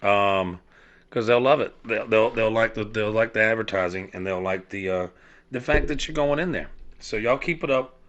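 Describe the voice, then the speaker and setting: A man's voice: on the low side, normal speed, fairly bright tone, lo-fi sound. A man from South Georgia, hosting a casual podcast monologue, rambling and swearing with many fillers and restarts. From South Georgia, USA. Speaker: podcast host.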